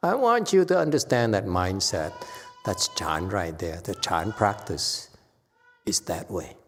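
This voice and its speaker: Blunt, scolding monk in a reverberant hall. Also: male voice, sits low, sing-song, unhurried, a little hiss or hum. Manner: blunt, scolding, repeats questions to the audience. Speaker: Buddhist monk teacher. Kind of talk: dharma lecture. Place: temple lecture hall.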